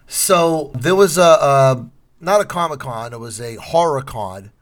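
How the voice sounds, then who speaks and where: A man co-hosting a podcast in casual chat, an animated storyteller. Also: medium pitch, measured pace. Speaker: podcast co-host.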